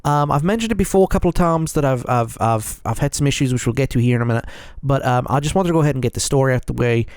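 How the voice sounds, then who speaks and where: Male solo podcast host, earnest and rambling, mid-pitched, dry close sound. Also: quick pace, darkish tone, clean tone, dry recording. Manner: rambling, repeats himself, keeps checking in with "okay?"; frank and earnest. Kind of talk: solo confessional podcast monologue.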